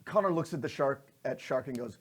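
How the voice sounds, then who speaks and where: A man narrating as game master of a tabletop game, lively, slipping into quick voices for his characters. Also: medium pitch, husky.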